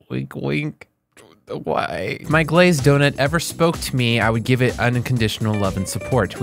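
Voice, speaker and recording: A man reads viewer comments straight off the screen for his channel. Between comments he slips into playful, mock-outraged asides. A music bed runs clearly underneath. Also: medium pitch. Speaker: YouTuber reading viewer comments. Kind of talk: reading comments aloud with joking asides. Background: background music.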